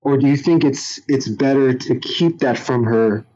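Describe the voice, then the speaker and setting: A man's voice: mid-range voice, a little slow, dark tone, lo-fi sound. A young man telling a personal story in casual chat, candid and frank, often raising his voice to act out what others said. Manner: candid storytelling, acts out quotes in raised voices. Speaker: podcast guest.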